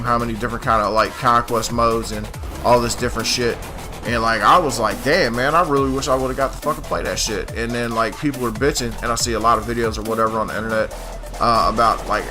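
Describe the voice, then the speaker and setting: A man with a bright, forceful mid-range voice rants casually over gameplay as a gaming channel host. His commentary is profane and rambling, packed with "like" and "dude."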